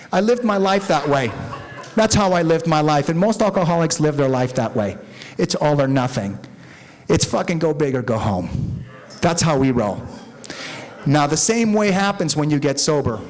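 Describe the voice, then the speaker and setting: A middle-aged man from Mexico tells his story at a recovery meeting, swearing freely and rambling with animated energy. His voice sits a bit higher than most men's. He talks candidly to a room of listeners.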